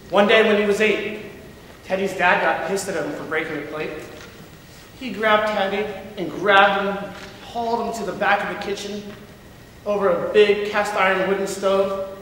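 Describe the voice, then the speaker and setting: A young man gives a reflective, first-person dramatic reading of a story. His voice is bright and fairly high. He sounds distant, in a big hall with long reverb and faint room noise. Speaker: performer. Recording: echoey hall from far off.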